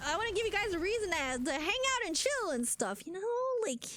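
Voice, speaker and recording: A young adult woman streaming as a VTuber, chatting casually in an animated way with lots of fillers. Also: very high voice, a little fast. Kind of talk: casual live-stream rant.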